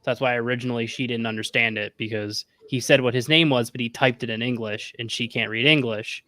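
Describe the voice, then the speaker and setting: A man's voice: mid-range voice, steady tone, brisk, sharp tone, dry recording, clean studio sound. A man co-hosting a casual anime review podcast, rambling with lots of fillers and restarts as he sums up episodes. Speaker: podcast co-host.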